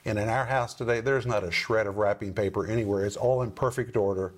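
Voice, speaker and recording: A middle-aged man hosting a Bible-teaching program, who talks emphatically and slows down to stress key words. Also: fairly low pitch, steady tone.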